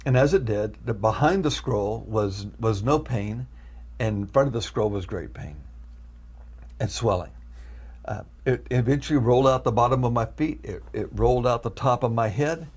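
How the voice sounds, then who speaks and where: Man, husky voice, earnest emotional testimony, guest storyteller. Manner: earnest storytelling, swings into loud high pleading.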